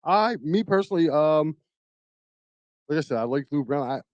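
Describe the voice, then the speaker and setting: A man co-hosting a casual sports podcast, excitable with loud bursts. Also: a little high, normal speed, no room sound, dull audio. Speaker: podcast co-host.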